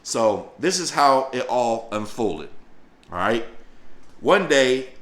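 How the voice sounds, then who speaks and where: A man telling a personal story in a casual, profane, animated way, acting out voices and sound effects. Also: medium pitch, slow, reverberant. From northern Louisiana.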